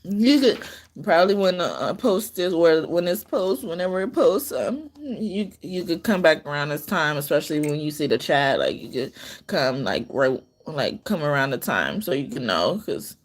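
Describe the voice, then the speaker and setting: This tarot card reader, a woman on a live stream, has a deep voice and speaks at a moderate pace with lively energy. She wanders through her reading loosely, often starting over and laughing between her sentences.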